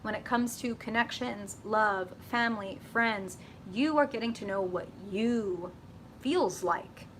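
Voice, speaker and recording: A woman giving a live tarot reading, blunt and profane, talking casually and getting animated as she goes. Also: medium pitch, takes it slowly, slight background noise. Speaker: tarot reader.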